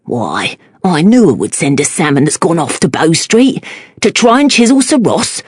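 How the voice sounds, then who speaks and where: A woman's voice: sits low, very animated, moderate pace, a little mellow, husky, dry recording, studio quality, full character voice. A woman voicing an apologetic, fawning male fishmonger with a Cockney accent, mumbling and eager to please in an audiobook. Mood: sheepish.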